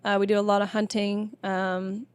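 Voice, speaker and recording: Female guest, 20s, mid pitch, chatty and emphatic, dry sound. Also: level tone, normal speed, smooth, no room sound. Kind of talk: casual interview chat. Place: tour bus.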